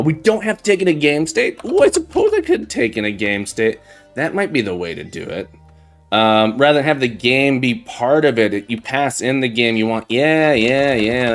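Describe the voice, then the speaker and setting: A man hosting a live coding stream, thinking aloud as he types and chatting with viewers in a self-deprecating way. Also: mid-range voice. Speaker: livestream coding host. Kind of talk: casual live-coding chat. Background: faint background music and keyboard typing.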